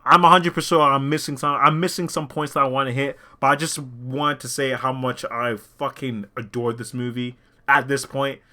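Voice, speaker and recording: A young man rambling excitedly about a movie in an unscripted rant, swearing a lot, his throat sore from talking. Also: medium pitch, moderate pace. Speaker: movie vlogger.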